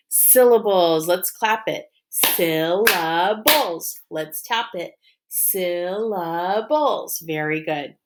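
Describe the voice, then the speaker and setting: A woman teaching a phonics lesson to young children, modeling words and sounds slowly and warmly praising answers. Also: medium pitch. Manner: slow, encouraging, drawn-out modeling of sounds and syllables.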